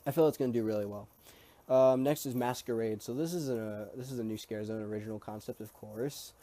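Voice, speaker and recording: A man chatting casually to his camera with a mellow, warm tone, rambling as he goes. His speech is easygoing but hesitant, with frequent ums and false starts. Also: medium pitch, a little fast, no room sound. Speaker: vlogger.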